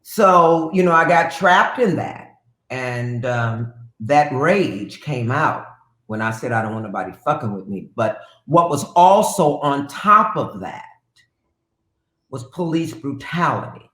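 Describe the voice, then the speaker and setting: A woman guest telling stories in a casual interview, in a brassy, profane, animated way that slips into sung phrases. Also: sits low, slow pace. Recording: roomy echo with faint piano.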